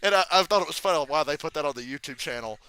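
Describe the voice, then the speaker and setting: A man chatting casually on a live stream, telling stories in an animated, profane way. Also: a little high, very fast, clean tone, no room sound. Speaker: streamer reacting to a race.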